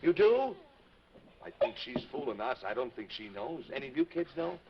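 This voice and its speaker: A man's voice: mid-range voice, wildly swooping pitch, moderate pace, gravelly. A man hosting a live children's show, coaxing the kids in a friendly way, on a noisy lo-fi 1950s TV broadcast. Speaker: children's TV host.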